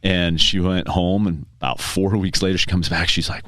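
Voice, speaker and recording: A man with a low voice talks casually as a guest on a business podcast, telling stories and acting out his clients in quick exchanges. The sound is dry and close, with no room around it. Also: flat delivery, pushed and bright, no echo. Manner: storytelling, acts out clients in quick dialogue. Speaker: tax preparer, podcast guest.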